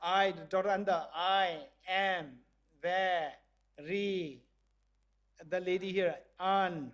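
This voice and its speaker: High-voiced man leading a playful lecture. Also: fairly even intonation, slow, a bit bright. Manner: playful, acts out dialogue in small voices and laughs often. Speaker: visiting professor lecturing. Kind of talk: interactive lecture with group exercise. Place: lecture hall.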